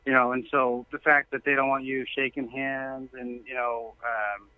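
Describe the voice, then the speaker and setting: Over a tinny phone line, a male caller to a talk show tells long stories earnestly and at length in a phone-in conversation. His mid-range voice holds a level tone at a moderate pace, with no echo.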